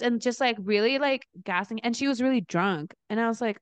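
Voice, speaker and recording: Woman, young adult, podcast co-host, smooth voice, dry studio sound, acts out quotes. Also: fairly high pitch, a little fast, no room sound. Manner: animated storyteller, acts out quoted people, laughs often. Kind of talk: casual chat, storytelling.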